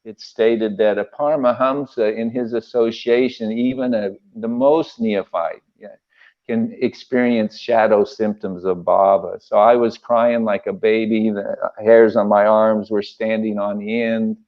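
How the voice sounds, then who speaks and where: An older man telling emotional personal memories in an interview, halting often with fillers. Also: on the low side, fairly even intonation. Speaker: guest recalling memories. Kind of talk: casual storytelling interview. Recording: dull lo-fi sound.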